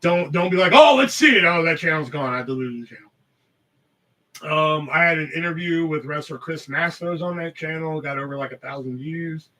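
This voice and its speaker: A man's voice: on the high side, steady tone, normal speed, bright, forceful tone, recorded from a distance, poor audio. A man hosting a live podcast, telling rambling stories in casual, heavily profane chat. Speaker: podcast host.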